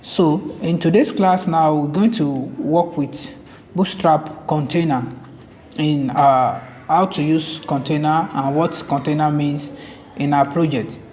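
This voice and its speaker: Slow, repetitive man teaching code. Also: a little high, fairly even intonation, darkish tone. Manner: slow, repeats and restarts words while typing. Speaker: web development tutor. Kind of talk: screen-recorded coding tutorial. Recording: reverberant room with faint ambient noise.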